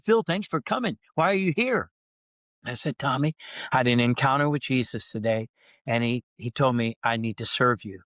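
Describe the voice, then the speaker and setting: A middle-aged male pastor tells a long personal story, acting out his own prayers in character. His voice sits at a middle pitch and climbs as he gets excited. The sound is dry and close, with no room around it. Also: no echo. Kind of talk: podcast storytelling.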